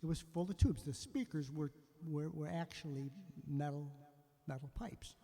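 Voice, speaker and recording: With a fairly high pitch and a moderate pace, an older musician host rambles casually through a story, interrupting himself and giving lively voices to the people he quotes. The recording has a long reverb tail.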